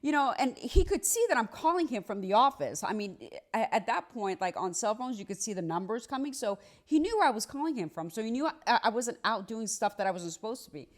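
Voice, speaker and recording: A woman's voice: fairly quick, few pauses. A woman, a trial lawyer, telling a personal story in a casual, conversational monologue. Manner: animated, acts out dialogue with big pitch swings; conversational, many fillers like "like" and "right".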